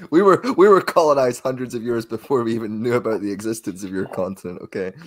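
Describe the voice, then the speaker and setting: A man's voice: medium pitch, quick pace. A man chatting as a guest on a livestream, laughing easily and giving short, agreeable replies. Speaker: guest co-host. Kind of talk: casual chat.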